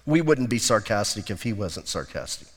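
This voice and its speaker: In a church sanctuary with long hall reverb, a man preaches as pastor with a lowish voice at a moderate pace. His sermon is casual and jokey. He animatedly slips into character voices to act out the Bible scenes.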